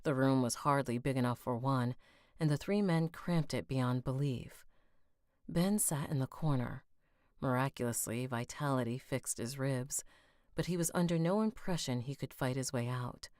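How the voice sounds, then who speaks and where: Woman, audiobook narrator, very deep voice, unhurried, dry booth sound, self-correcting retakes. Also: a little mellow, no echo. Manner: stops to correct slips and rereads lines.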